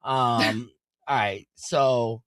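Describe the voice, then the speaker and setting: A man's voice: medium pitch, fairly even intonation, drawn-out words, fairly bright tone, clear, resonant tone, dry recording. A man hosting a radio talk show, chatting casually and loosely with many fillers. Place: radio studio. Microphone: studio mic.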